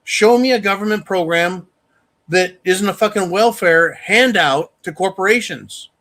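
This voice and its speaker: Male host, fairly high-pitched, delivering a heated, expletive-laden opinion monologue. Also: unhurried, fairly bright tone. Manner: angry, profane ranting. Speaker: show host.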